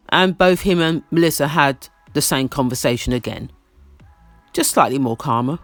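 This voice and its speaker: A man's voice: fairly high pitch, fairly bright tone, dry recording. A man giving casual, opinionated commentary on a reality show episode, often repeating lines for emphasis.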